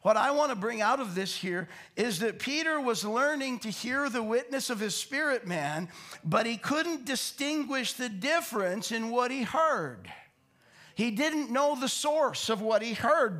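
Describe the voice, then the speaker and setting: Pastor, male, high voice, chatty verse-by-verse preaching, rhetorical questions. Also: expressive, unhurried, pushed and bright. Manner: conversational, repeats words, asks rhetorical questions. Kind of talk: Bible teaching sermon.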